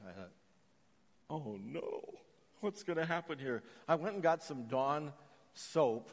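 A man's voice: mid-range voice, in a large hall. A man from Canada preaching a sermon, telling stories and raising emphatic questions as he teaches. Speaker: pastor.

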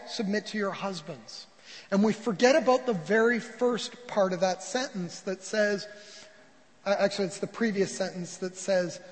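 A man's voice: high-pitched, a little mellow, long reverb tail, rough recording. A man preaching a sermon as a pastor, telling a story and acting out the quoted voices.

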